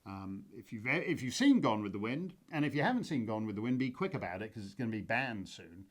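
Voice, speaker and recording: A man's voice: fairly low pitch, sing-song, fast talker. A man hosting his own commentary show, talking off the cuff in a rambling, wry way with many fillers and restarts. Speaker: host. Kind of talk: casual spoken commentary.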